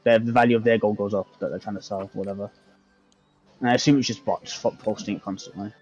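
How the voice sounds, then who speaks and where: A man's voice: on the low side, fairly even intonation, quick pace, a little mellow, muffled recording, soft background music. A man on voice chat talking casually while he plays, rambling and thinking aloud with lots of fillers. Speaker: gamer on voice chat.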